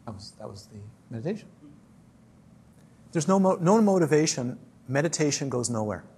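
A man's voice: on the high side, big pitch swings, normal speed, mellow, husky. A man who teaches dharma, giving a talk to a group in a chatty storytelling way, often repeating and restarting his words.

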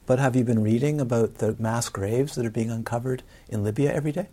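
Husky man giving a dharma talk. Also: medium pitch, fast talker, dark tone. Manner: conversational, asks the audience frequent questions. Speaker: Buddhist teacher. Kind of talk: dharma talk to a live audience.

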